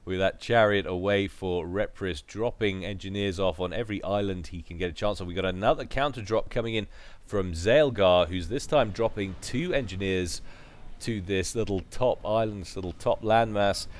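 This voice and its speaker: A man commentating a strategy match in a relaxed, chatty way. His voice sits a bit low, and he drops in joking asides between the calls. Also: normal speed. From United Kingdom. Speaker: game commentator. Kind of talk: casual play-by-play commentary.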